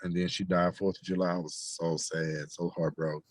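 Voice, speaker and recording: A man's voice: low-pitched, moderate pace, dry recording. Profane man gossiping on the phone. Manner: animated storyteller, profane, lively slangy talk. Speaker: best friend on a phone call. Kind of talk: casual gossip on a phone call. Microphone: phone call.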